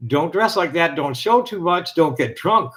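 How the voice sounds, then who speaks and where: A man hosting a live stream, reading a text aloud in a steady, rhythmic list cadence and then chatting loosely with restarts. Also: on the high side, moderate pace.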